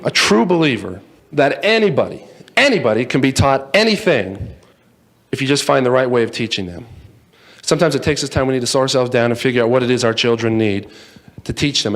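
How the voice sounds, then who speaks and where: A man's voice: medium pitch, animated, brisk. Man, storyteller, playful, talk to an audience. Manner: playful, acts out voices, jokes with the audience. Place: in front of a live audience.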